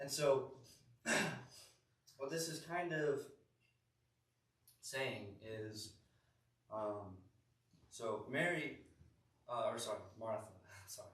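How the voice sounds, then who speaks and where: A man's voice: mid-range voice, drawn-out words, long pauses, a bit bright. A young man leading a youth group sermon in a church room, chatty and rambling with many self-corrections. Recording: echoey room, distant mic.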